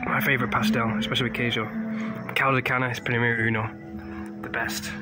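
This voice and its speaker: A man from England vlogging his travels with excitement, sprinkling broken Portuguese and Spanish words into his English, outdoors in the rain. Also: mid-range voice, brisk, over music, rough recording. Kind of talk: casual travel vlog. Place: outdoors in rainy countryside.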